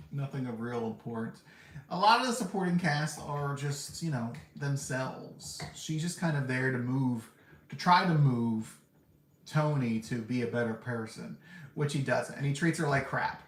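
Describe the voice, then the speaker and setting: In no hurry, a man with a mid-range voice hosts a podcast of casual, honest movie reviews, rambling along and laughing often. He sits indoors, and the sound has a roomy echo with a faint hum in the background.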